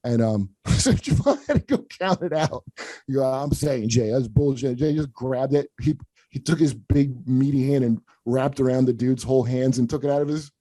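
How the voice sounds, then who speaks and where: Casual and foul-mouthed, a comedy podcast host wanders through anecdotes, performing the lines of the people he quotes. He has a warm, medium-pitched voice at an ordinary pace, captured in a dry recording.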